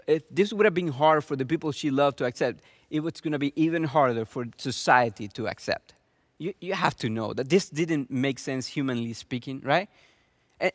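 Male pastor, high voice, dry close recording, earnest sermon delivery. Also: a bit bright, dry recording. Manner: earnest, with many rhetorical questions.

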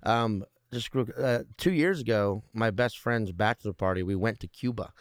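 In a clean, dry studio recording, a man with a voice on the low side talks at normal speed. The conversation is loose and profane; he jokes, wanders off topic, and fumbles for words with frequent fillers and false starts.

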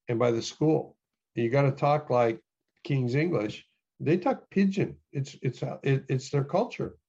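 Brief: American male pastor, mid-pitched, earnest, self-repeating, muffled lo-fi sound. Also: darkish tone. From United States. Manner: earnest, repeats words while thinking. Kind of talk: casual interview storytelling.

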